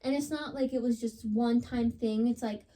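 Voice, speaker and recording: A woman's voice: a little high, steady tone, moderate pace, warm tone. A young woman on a podcast, chatting casually and dramatically retelling a story, with lots of "like.". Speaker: podcast co-host.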